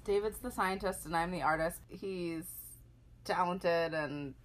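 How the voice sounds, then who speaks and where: A woman from rural Pennsylvania co-hosting a podcast, telling a personal story in a wry, animated way. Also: on the low side, unhurried. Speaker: podcast co-host. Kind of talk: storytelling in casual podcast chat.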